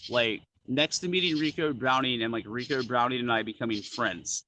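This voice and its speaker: A man chatting casually, telling animated stories full of "like" and "dude". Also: medium pitch, moderate pace, slight background noise, poor audio. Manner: animated storyteller, lots of "like" and "dude". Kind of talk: casual chat.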